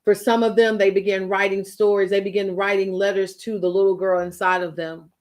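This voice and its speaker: A woman's voice: medium pitch, level tone, brisk, a little mellow. A woman giving a motivational faith talk as a writing coach, speaking emphatically and repeating phrases the way a preacher does. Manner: emphatic, repetitive, preacherly storytelling.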